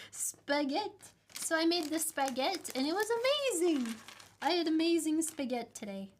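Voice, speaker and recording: A young woman chats on her stream as she solders a kit at her desk, her voice high and light. She rambles, giggles often and pokes fun at herself, talking straight into a desk mic. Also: lively intonation, moderate pace, a little hiss or hum. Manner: giggly, rambling, self-mocking. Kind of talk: casual chat while soldering.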